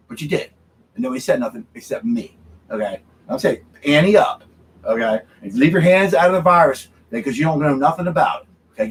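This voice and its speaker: A man's voice: a little high, slight background noise, poor audio. A man hosting a drinking livestream, ranting angrily and repeating himself, tagging his points with "okay?". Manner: angry, repetitive ranting, keeps tagging "okay?". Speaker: livestream host. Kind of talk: drinking-show rant. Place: home studio.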